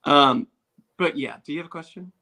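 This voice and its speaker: A man chatting casually as a podcast guest over a video call, animated and quick, with many fillers. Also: a little high. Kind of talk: casual chat.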